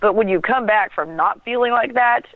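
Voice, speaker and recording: A woman guest telling a personal story in a lively way, laughing often and acting out what she and others said. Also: medium pitch, moderate pace, no echo. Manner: animated storytelling with laughs and acted quotes. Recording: tinny phone line.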